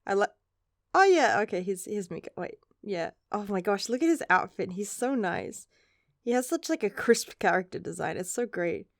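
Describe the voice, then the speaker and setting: A woman reviews a chapter in a loose, chatty way, rambling and swearing casually. Her voice sits at a middle pitch, and the recording is dry and close. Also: no echo. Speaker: manga reviewer.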